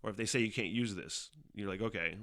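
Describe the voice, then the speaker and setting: Man, podcast host, low voice, rambling, swears a lot, self-mocking. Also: fast talker, a bit bright, dry recording, clean studio sound. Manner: profane, rambling, self-mocking, laughs often. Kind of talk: casual solo live-stream podcast. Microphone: headphones on, desk mic.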